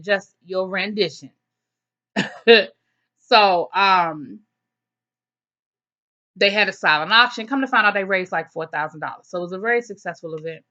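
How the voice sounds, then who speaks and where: A woman casually recapping a TV episode, telling it as an animated story and acting out the characters' lines. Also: medium pitch. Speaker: TV episode reviewer. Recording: dull lo-fi sound.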